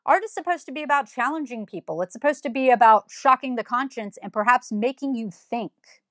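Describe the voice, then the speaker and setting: Woman ranting straight to camera, kinda high voice, dry close sound, keeps asking pointed questions. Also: animated, a little fast, dry recording. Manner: emphatic, fires rhetorical questions; blunt and scolding. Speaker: commentator. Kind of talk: opinion monologue.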